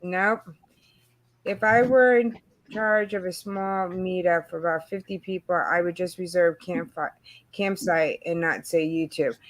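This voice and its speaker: A woman's voice: fairly low pitch, measured pace, dry recording. A woman hosting a casual livestream chat, rambling and filling her talk with "you know". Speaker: channel host.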